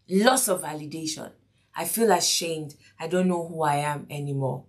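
A woman's voice: low voice, slow pace. A woman preaching a sermon lesson, repeating key lines, asking the listeners questions and acting out the quotes. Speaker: preacher and teacher.

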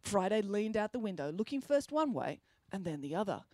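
A woman reading a children's story aloud, expressive and good-humoured. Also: medium pitch, a little fast, no echo, studio quality.

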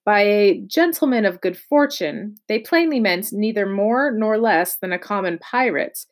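A woman narrating a classic adventure novel in a measured, even reading voice. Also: mid-range voice. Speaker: audiobook reader. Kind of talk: storybook narration.

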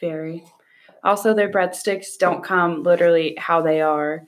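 A woman's voice: on the low side, steady tone, unhurried. A woman co-hosting a podcast, telling stories in a laid-back way with frequent giggles. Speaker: podcast co-host. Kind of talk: casual podcast chat.

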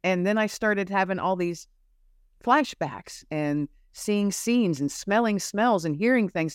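A woman's voice: lowish voice, animated, measured pace, clean tone, dry recording, clean studio sound. Emotional woman telling a personal story. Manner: earnest, emotional storytelling, voice rising when intense. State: teary-eyed. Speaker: interview guest. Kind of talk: personal testimony in an interview.

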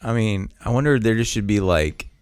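A man's voice: expressive, brisk, a little mellow, clean tone, dry recording, clean studio sound. A young father co-hosting a podcast in casual chat, jokey and prone to mimicking others. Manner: jokey, slips into high silly voices for his daughter. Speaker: podcast co-host.

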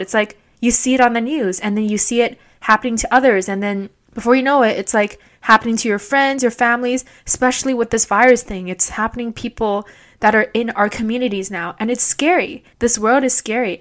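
Chatty young woman podcasting solo. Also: on the high side. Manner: chatty and candid, laughs often, many "like" fillers. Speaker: podcast host. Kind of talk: casual solo podcast monologue. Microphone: podcast microphone.

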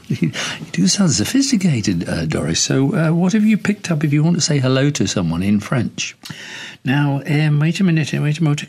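A man's voice: on the high side, sing-song, moderate pace, a little mellow, slightly rough, faint music behind. A man hosting a comic phone-in sketch, teasing his caller with laughs. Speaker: radio-style host.

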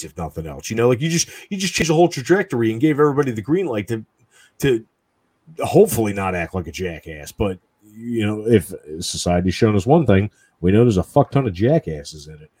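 A man's voice: medium pitch, a little mellow, no room sound. Foul-mouthed guy ranting in a casual chat, lots of "you know", voice goes up and down a lot. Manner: profane, ranting, lots of fillers.

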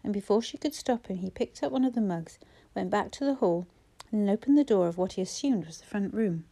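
A woman narrates a novel in scripted storytelling, her delivery steady and expressive. The voice is warm and mellow, with a mid-range pitch. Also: brisk. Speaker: audiobook narrator.

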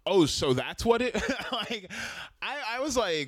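A man's voice: high voice, huge pitch swings, normal speed, no room sound, clean studio sound. A man co-hosting a podcast in casual chat, who laughs often and acts out quotes.

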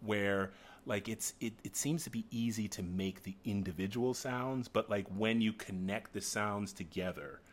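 Animated rambling man, low voice. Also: moderate pace, hardly any pauses. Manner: animated, rambling, laughs often, frequent restarts. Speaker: guest actor. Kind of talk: casual chat.

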